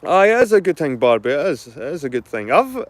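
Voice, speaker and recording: Rambling Scottish dad chatting to viewers. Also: male voice, a little high, very animated, a little fast, dry recording. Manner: rambling, repeats himself, swears freely. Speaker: channel host. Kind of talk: casual chat to viewers.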